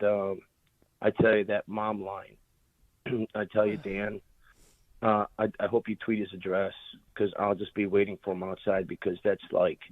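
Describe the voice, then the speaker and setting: A man's voice: fairly low pitch, no room sound. A man calling in to a talk radio show, emphatic and heated in his support. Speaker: caller. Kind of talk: call-in comment. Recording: muffled phone line.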